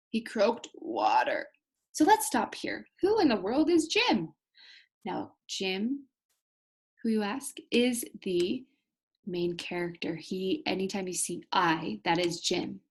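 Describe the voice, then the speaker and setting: Woman teacher reading a novel aloud to students, explains vocabulary as she goes, husky tone. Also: medium pitch. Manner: explains hard words as she reads.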